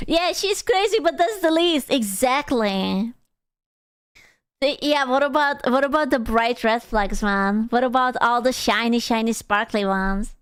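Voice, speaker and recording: A young woman streamer with a high, clear, smooth voice, talking with her chat in an unhurried, teasing way. She swears freely and jokes around, close to a desk mic in a dry room. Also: no echo. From Europe. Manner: crude, teasing and playful, laughs often. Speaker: VTuber streamer.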